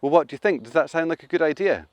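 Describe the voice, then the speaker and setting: A man telling a folk tale to children, animated and playful, asking his listeners questions. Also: on the high side, racing, no echo. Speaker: storyteller. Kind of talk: interactive children's storytelling.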